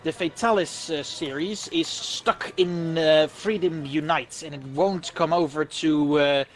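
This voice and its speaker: Brief: man with a fairly high voice, teasing and chatty gaming talk. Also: fairly even intonation, measured pace. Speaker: friend on stream. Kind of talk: casual gaming chat.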